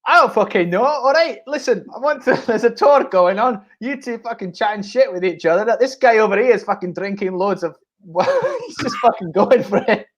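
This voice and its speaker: A man's voice: high-pitched, very animated, normal speed, muffled recording. A man playing a rude Scottish tour guide. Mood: impatient. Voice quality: foul-mouthed, impatient. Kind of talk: improv comedy on a video call.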